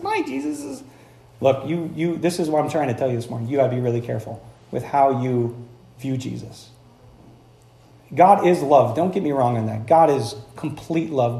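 Male pastor, 30s, high voice, lively sermon delivery with acted-out voices, echoey church hall. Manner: animated, conversational preaching with acted-out voices.

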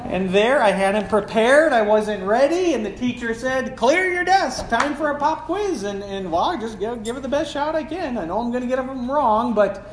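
A man in his forties preaches as a pastor, with a voice pitched high for a man. He talks to the congregation in a loose, animated way and leans on rhetorical questions. The room sounds echoey, with a faint hiss underneath. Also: normal speed, hardly any pauses. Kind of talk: sermon.

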